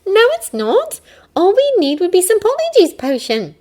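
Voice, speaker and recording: Woman reader's schoolgirl witch: bright, insistent, lecturing, lively. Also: very high-pitched, normal speed, voice pushed up, heavily acted. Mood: eager. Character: earnest, bossy schoolgirl witch. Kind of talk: fan audiobook character voice.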